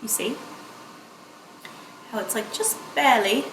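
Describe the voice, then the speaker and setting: A woman's voice: fairly high pitch, expressive, moderate pace, background noise. Chatty woman in an echoey room. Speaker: beauty vlogger. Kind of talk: makeup tutorial.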